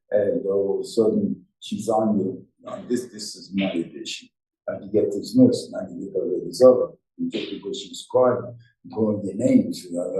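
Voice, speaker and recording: A man's voice: lowish voice, far from the mic. An older man giving an informal Torah class, telling stories and acting out the dialogue. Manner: animated storytelling, acts out dialogue. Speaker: rabbi teaching a Torah class. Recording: roomy, from off the mic.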